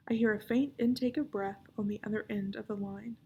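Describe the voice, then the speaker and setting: A woman's voice: mid-range voice, fairly even intonation, brisk, creaky, hardly any pauses, mellow, a little hiss or hum. A woman who works as a children's librarian, reading a children's novel aloud and talking to young listeners in a friendly, upbeat way. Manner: friendly, upbeat sign-off to kids.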